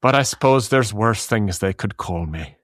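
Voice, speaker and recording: A man with a very deep voice hosts a comedy podcast. His jokes come out dry and deadpan in loose, casual chat. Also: normal speed. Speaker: podcast host.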